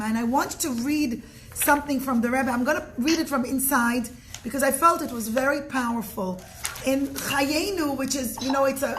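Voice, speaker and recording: A woman's voice: sits high, a bit bright, slight background noise. A woman giving an informal religious talk, telling stories earnestly and often restarting and correcting herself. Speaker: religious teacher.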